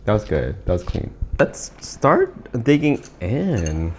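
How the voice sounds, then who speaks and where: A man's voice: lowish voice, huge pitch swings, slow pace, darkish tone, a little hiss or hum. A man co-hosting a home cooking video, talking through the cooking and tasting in an easygoing way. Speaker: cooking channel co-host. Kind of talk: casual chat while cooking and eating.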